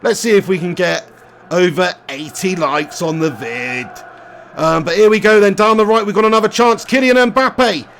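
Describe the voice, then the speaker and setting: Brief: young streamer, chatty and laughing, higher voice, commenting live on a football game. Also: male voice, normal speed, a bit bright, slight background noise. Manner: chatty, laughs often, reads out chat messages. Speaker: gaming streamer.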